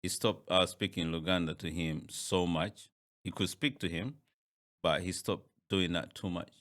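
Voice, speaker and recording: A man's voice: low voice, a little slow, a bit bright. A man hosting a podcast in a casual interview chat, who often repeats words and laughs easily. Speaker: podcast host.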